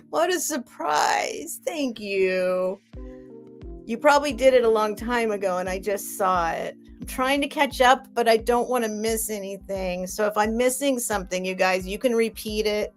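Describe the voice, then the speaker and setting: A woman's voice: medium pitch, measured pace, soft background music. A woman hosting a live sale stream, rambling in a chatty way and gushing thanks at her viewers.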